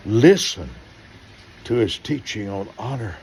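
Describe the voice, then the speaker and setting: A man's voice: lowish voice, animated, takes it slowly, darkish tone, a little hiss or hum. An older man, a pastor, telling stories in sermon style and acting out the dialogue with animation.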